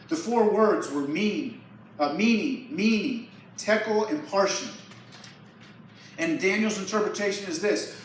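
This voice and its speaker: A young man giving a sermon as a youth pastor. He retells a Bible story in a casual, lively way. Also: high-pitched, a little slow, a little hiss or hum. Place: church hall. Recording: echoey hall from far off.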